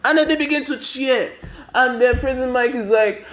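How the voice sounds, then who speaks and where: A man's voice: very high-pitched, normal speed, fairly bright tone. A tired young man casually narrating a fan story, rambling with constant 'and then' and 'he's like'.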